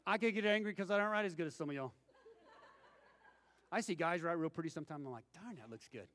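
Folksy preacher in a reverberant hall. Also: male voice, fairly high pitch, fast, a bit bright. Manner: folksy storytelling with acted-out quotes. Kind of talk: sermon.

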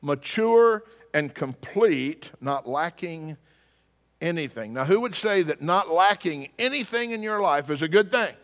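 A man preaching a sermon, telling a story with wry humor and lively delivery. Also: on the high side, measured pace, big-room sound. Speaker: pastor.

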